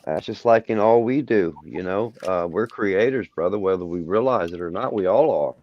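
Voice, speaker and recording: A man's voice: deep voice, normal speed. A man on a panel musing philosophically, stammering and repeating words. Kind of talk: casual chat. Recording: dull, dry stream audio.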